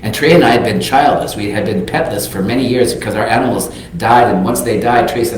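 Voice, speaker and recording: A man, a minister, telling a personal story in a sermon as a lively storyteller who acts out the people he quotes. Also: fairly low pitch, brisk, hardly any pauses, a little hiss or hum. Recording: very echoey hall.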